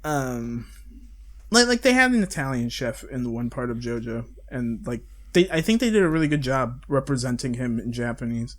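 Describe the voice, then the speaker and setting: A man's voice: mid-range voice, expressive, moderate pace, fairly bright tone. A young man co-hosting a podcast, chatting casually and rambling with casual swearing and frequent laughs. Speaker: podcast co-host. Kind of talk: casual chat.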